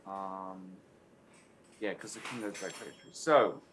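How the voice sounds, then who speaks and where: Bright-voiced man analyzing chess moves. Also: low-pitched, measured pace, rough recording. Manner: methodical, lists candidate moves. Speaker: chess expert co-host. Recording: faint background noise.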